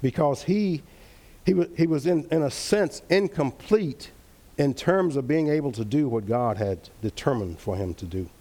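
With a mellow, expressive, medium-pitched voice, a man teaches earnestly in an interactive Bible study. He reads the verses slowly and comes back to key phrases again and again.

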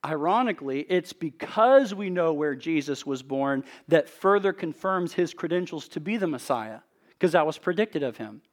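Man, preacher, expository sermon, earnest and emphatic, slightly higher voice. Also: expressive. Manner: earnest, emphatic, rhetorical preaching with measured pauses.

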